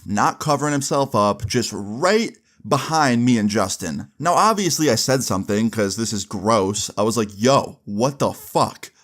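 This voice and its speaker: A man's voice: medium pitch, a bit bright. A young man casually telling a long story, rambling with many asides and swearing freely.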